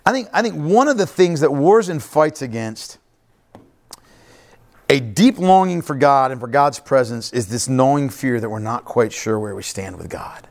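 A man's voice: medium pitch, lively intonation, moderate pace, vocal fry, a little mellow. A man preaching a sermon to a congregation, talking directly to them with frequent "right?" asides and repeated phrases. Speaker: pastor.

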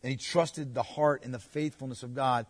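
A man preaching a sermon, emphatic, swinging between loud urging and hushed, quiet asides. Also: mid-range voice, fairly even intonation, moderate pace. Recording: long hall reverb.

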